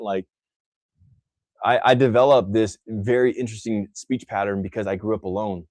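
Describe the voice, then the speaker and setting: A man's voice: lowish voice, a little fast, darkish tone, dry recording. A young man from Texas with his own mixed, un-Texan accent, hosting a casual live Q&A and rambling loosely through viewer questions. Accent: own mixed accent, not Texan. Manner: loose, rambling, many fillers and restarts. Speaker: livestream host answering viewer questions.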